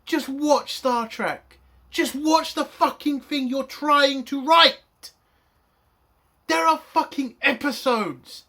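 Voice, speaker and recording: A man's voice: very high-pitched, takes it slowly, bright, forceful tone. A man reviewing a TV episode in an angry, profane rant. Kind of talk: spoken TV review.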